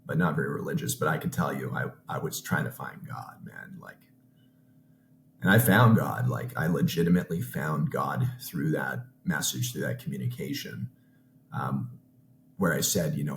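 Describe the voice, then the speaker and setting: Very deep-voiced man, earnest and halting. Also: creaky, roomy sound, a little hiss or hum. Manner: earnest, halting, frequent restarts. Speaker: podcast guest, business owner. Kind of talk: emotional personal story.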